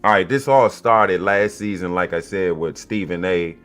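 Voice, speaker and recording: A man hosting a casual podcast monologue, a youth basketball coach telling stories in a blunt, profane, animated way. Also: low-pitched, moderate pace, clean tone, faint music behind.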